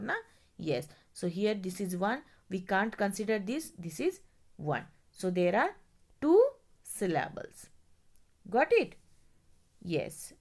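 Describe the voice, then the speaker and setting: A woman teacher, explaining step by step, spelling words out letter by letter and often checking whether the class follows. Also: mid-range voice. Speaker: English teacher. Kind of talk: classroom grammar lesson.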